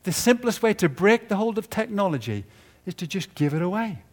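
A man preaching a sermon at a conference, building to loud emphatic peaks and dropping low and quiet at the ends of phrases. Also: very animated, a little fast. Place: conference hall.

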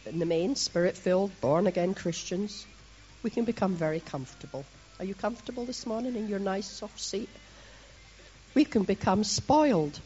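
A middle-aged Scottish woman from Scotland giving a lively, chatty sermon to her congregation, with self-mocking asides. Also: medium pitch, muffled recording. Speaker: church leader preaching.

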